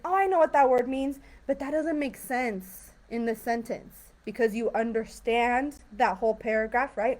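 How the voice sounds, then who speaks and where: A woman's voice: fairly high pitch, a little mellow. A woman teaching an English vocabulary lesson on a livestream, chatty and encouraging with plenty of fillers. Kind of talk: live-streamed language lesson.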